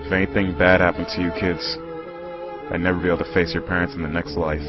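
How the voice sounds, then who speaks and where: A man voicing a stern grown male guardian in a game playthrough, speaking in a grave, measured way. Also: low voice, fairly even intonation, lightly acted. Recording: muffled capture with game music.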